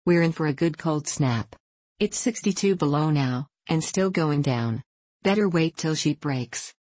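A worried male frontier miner who speaks dolefully , as a woman narrator puts him on. He sounds cautious and warning. The voice is low and the recording dry. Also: animated, a little slow, a little mellow, no room sound.

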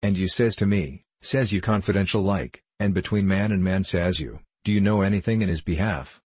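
A man voicing a grave, earnest, stout male miner who speaks in rough backwoods dialect. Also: low voice, brisk, a little mellow, no room sound.

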